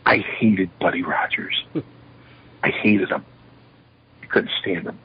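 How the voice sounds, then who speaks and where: A retired wrestler spins lively anecdotes in a sit-down interview, voicing the back-and-forth of each exchange himself. His voice is very husky, and the recording sounds dull and lo-fi. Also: low-pitched, slow. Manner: lively anecdotes, acting out quoted dialogue. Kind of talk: shoot interview storytelling.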